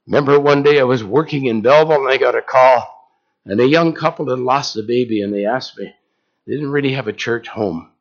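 A man's voice: mid-range voice, a little fast, dull audio. A man preaching a sermon in a conversational way, asking the congregation questions.

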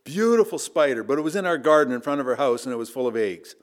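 A middle-aged man preaching in a chapel, telling a personal story with earnest emphasis that drops to hushed asides. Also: mid-range voice, lively intonation, fast. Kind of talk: storytelling sermon.

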